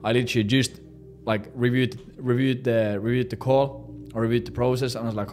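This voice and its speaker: A man's voice: steady tone, brisk, darkish tone. A brash young man in his twenties talks through sales tactics in a casual, profane coaching style. His voice sits mid-range, and faint music plays underneath. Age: 20s. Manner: brash and profane, acting out squeaky high voices. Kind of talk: casual instructional monologue.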